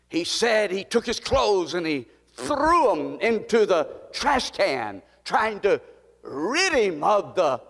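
A man preaching a sermon, his delivery rising from quiet storytelling to fervent, near-shouted peaks. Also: high voice. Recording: long hall reverb.

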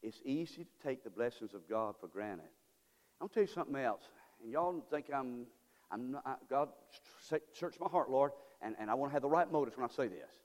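A man preaching a sermon as pastor, moving from quiet, halting asides to loud, drawn-out exhortation. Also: mid-range voice, expressive, in a large hall. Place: church sanctuary.

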